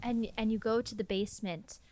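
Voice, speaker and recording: A woman narrating an improvised story on a podcast in an animated way, halting and restarting often. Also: on the high side.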